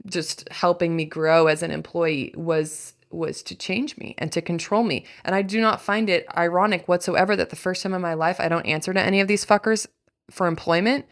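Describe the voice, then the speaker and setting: A young adult woman hosting a podcast, speaking candidly in a deep voice that frays into fry, blunt and swearing freely with wry asides. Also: fairly even intonation, moderate pace. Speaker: podcast host. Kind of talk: candid personal monologue.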